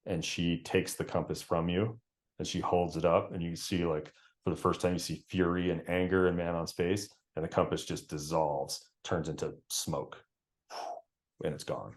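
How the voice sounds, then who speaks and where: Male game master, very low voice, laid-back narration. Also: moderate pace. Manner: relaxed, laughs often.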